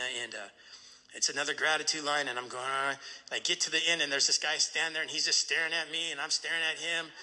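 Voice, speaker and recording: A man speaking at a recovery meeting, telling a personal story in an animated way and often asking "right?". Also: a little high, in a large hall.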